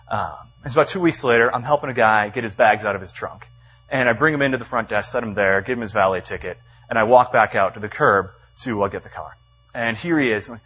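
A man preaching to a room full of people, telling his story with lively energy and plenty of ums. The sound is slightly muffled, with a faint hum underneath. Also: medium pitch, fast talker. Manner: animated storytelling, many fillers, acts out quotes. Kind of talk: storytelling sermon. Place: church meeting room with a live audience.

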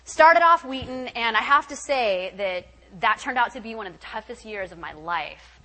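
A young woman from California telling a candid, animated personal testimony as a speaker at a church retreat. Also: on the high side, normal speed, poor audio. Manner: candid, animated storytelling with filler words. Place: retreat meeting hall.

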